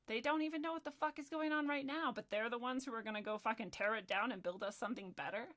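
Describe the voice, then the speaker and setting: Woman going off on a livestream, bright sharp voice, lots of swearing, sarcastic and heated. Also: a little high, fast. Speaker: livestream host. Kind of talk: angry ranting livestream.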